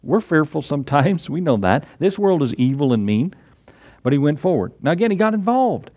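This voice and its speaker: A man's voice: fairly high pitch, brisk, dry recording. A man preaching a sermon in a conversational way, talking straight to his listeners and acting out the lines of people in his stories. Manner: conversational, retells stories with lively acted quotes; talks directly to listeners.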